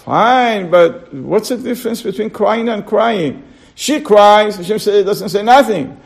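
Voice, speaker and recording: A man leads an informal class in a high voice with a gravelly rasp. He keeps asking his listeners rhetorical questions and checks that they are following. He repeats key words over and over for emphasis. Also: lively intonation, a little slow. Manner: checks on listeners with short asides. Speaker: Torah teacher. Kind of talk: casual classroom lecture.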